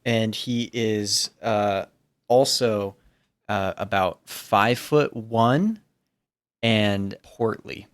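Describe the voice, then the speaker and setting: A man's voice: fairly low pitch, extremely slow. A man playing a tabletop game, joking in a dry, hesitant way. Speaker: player, sound designer.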